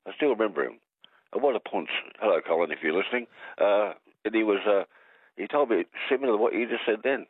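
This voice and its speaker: This Australian man calls in to a radio program, talking fast in a lowish voice with no room sound, through a tinny phone line. His call is a rambling, joking talkback chat in which he stumbles over his words.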